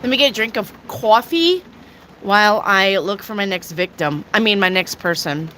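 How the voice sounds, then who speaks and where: A woman's voice: mid-range voice, moderate pace, sharp tone, slight background noise. A woman giving a casual live tarot reading to viewers, chatty and jokey with crude asides. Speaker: tarot reader.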